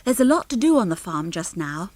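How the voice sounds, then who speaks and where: A woman's voice: fairly low pitch, very animated, brisk, darkish tone, dry recording. Woman reading kindly farm wife, middle-aged, fussing, homely, storybook, dry close sound.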